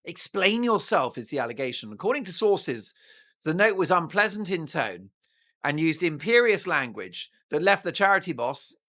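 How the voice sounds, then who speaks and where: British male talk host, mocking and theatrical, lively swings in pitch, bright voice. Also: normal speed. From Britain. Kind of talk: opinionated news commentary.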